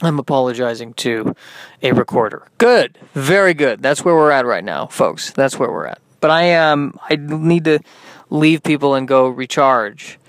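A man's voice: medium pitch, animated, moderate pace, no room sound. A man hosting a solo podcast, tired and yawning, rambling in a self-deprecating way. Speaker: podcast host.

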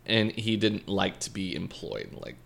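A man from Scotland tells a story to friends in a low, gravelly voice. He reads passages aloud and breaks off for casual asides and laughs. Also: steady tone, a little slow, a bit bright.

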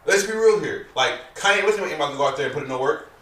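A man's voice: a little high, expressive, fast talker, fairly bright tone. A man hosting a casual chat, talking in a loose, joking, slangy way. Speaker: podcast host. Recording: roomy, distant mic with faint hiss.

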